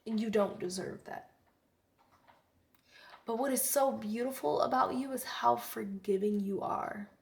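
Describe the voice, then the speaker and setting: A woman's voice: fairly high pitch, gravelly. Effusive woman giving a tarot reading. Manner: earnest, effusive, chatty, with soft whispered asides. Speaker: tarot reader. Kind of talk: casual spiritual tarot reading.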